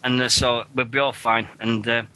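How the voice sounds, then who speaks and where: A man from Sheffield with a Sheffield accent, hosting a casual radio chat, excitable and swearing freely. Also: mid-range voice, moderate pace, a little hiss or hum. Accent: Sheffield English. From Sheffield, England. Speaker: radio show host. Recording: internet radio show.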